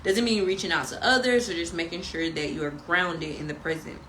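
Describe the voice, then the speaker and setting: Bright-voiced woman reading tarot. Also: fairly low pitch, animated, a little fast, slight background noise, low-quality recording. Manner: emphatic and preachy, with slangy asides. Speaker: tarot reader and spiritual guide. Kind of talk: casual tarot reading with spiritual pep talk.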